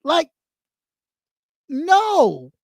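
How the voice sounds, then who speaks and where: A woman's voice: extremely high pitch, huge pitch swings, extremely slow, vocal fry, darkish tone, no room sound, clean studio sound. A woman streamer delivering a blunt, mocking rant full of swearing. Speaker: YouTube streamer. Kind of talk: profane rant on camera.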